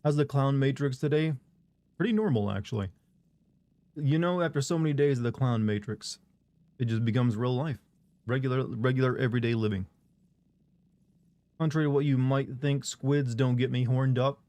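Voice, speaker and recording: A man's voice: mid-range voice, normal speed, long pauses, dark tone, no echo. A man streaming a game, chatting casually and rambling as he reads and answers chat messages.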